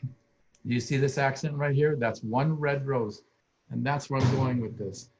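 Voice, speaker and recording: A man's voice: medium pitch, steady tone, unhurried, darkish tone, slightly rough. An older man, a landscape architect, sharing heartfelt stories as a guest speaker on a video call, tearful and rambling with many restarts. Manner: emotional, rambling, with frequent restarts. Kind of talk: heartfelt personal storytelling.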